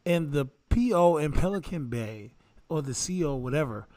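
Male co-host, high voice, dry close mic, animated and teasing. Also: normal speed, no room sound. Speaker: podcast co-host. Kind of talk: casual group chat.

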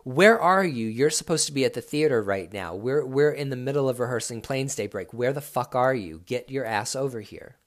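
A man voicing a frantic male dance director leaving voicemails, shrill and cursing. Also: unhurried, creaky, darkish tone. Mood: annoyed. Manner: shrill, escalating to screaming and cursing.

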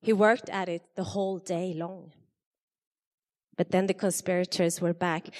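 A woman giving an expressive Bible reading to a church congregation, her voice rising for the quoted speakers. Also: fairly low pitch, unhurried, pauses often. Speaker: scripture reader. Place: church hall. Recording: long hall reverb.

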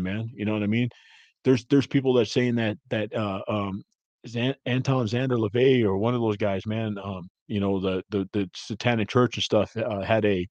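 Guy podcast host rambling, says "man" every other line, dry close sound. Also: dry recording. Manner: rambling, heavy filler words like "man" and "you know"; crude, gets loud and high-pitched when worked up. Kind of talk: casual ranting chat.

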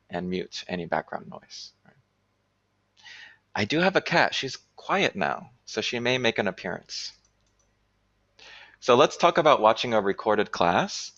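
A man presenting an online workshop for teachers, explaining clearly and checking in with "right?" often. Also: lowish voice, a bit bright, lo-fi sound. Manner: clear instructional talk with frequent "right?". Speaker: teacher trainer.

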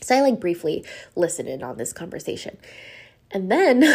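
A woman's voice: medium pitch, big pitch swings, moderate pace, husky. A woman hosting a podcast, telling a travel story in a chatty, casual way, full of "like" and laughter. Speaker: podcast host.

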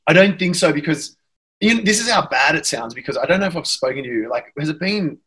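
Australian actor guest, slightly husky, easygoing and self-deprecating. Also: male voice, on the high side, animated, fast talker, sharp tone, low-quality recording. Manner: rambling, self-deprecating, laughs often. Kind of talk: casual chat.

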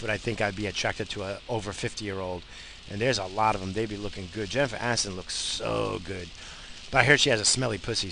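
A man's voice: fairly low pitch, fairly bright tone, slight background noise, rough recording. A man, rambling profanely as a casual podcast host while driving. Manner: profane, blunt, bursts of road rage.

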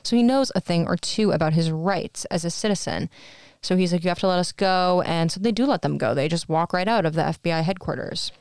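A woman's voice: lowish voice, a little fast, darkish tone, smooth, no room sound, studio quality. Chatty woman recapping a movie. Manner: chatty, acts out quotes from the film. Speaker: podcast co-host. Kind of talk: casual movie recap chat.

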